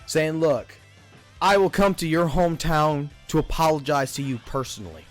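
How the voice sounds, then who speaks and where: A man's voice: a little high, moderate pace, soft background music. Profane ranting man in his thirties. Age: 30s. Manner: profane, rambling rant; animated. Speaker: livestreamer. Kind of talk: casual stream commentary.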